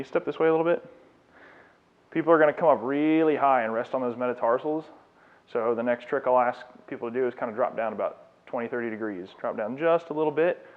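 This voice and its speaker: A man who is a fitness trainer, giving a live demonstration lecture and coaching a client through exercises. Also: mid-range voice. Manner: coaching instructions, encouraging and explanatory. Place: fitness studio. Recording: tinny phone-like sound.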